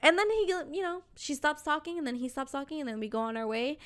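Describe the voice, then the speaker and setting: A young woman hosting a podcast, telling a story in casual chat, animated and acting out the voices of people in it. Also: sits high, quick pace. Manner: animated, acts out voices in her stories, swears casually. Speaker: podcast host.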